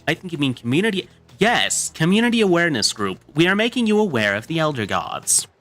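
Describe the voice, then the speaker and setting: A man voicing a calm, sinister male cult member in a game dub, with a low, measured, preachy delivery. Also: soft background music. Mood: menacing.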